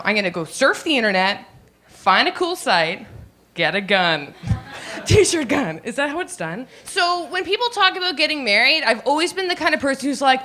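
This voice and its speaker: A young woman does a stand-up comedy set onstage before a live audience, speaking in a high, pushed, bright voice. She's bubbly and giggly and acts out little voices as she goes.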